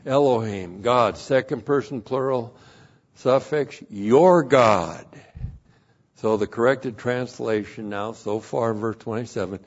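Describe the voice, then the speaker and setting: A man works through a Bible passage verse by verse, stressing each point and repeating key phrases. He speaks at a slow, deliberate pace. The recording is dull and lo-fi. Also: mid-range voice. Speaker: Bible teacher.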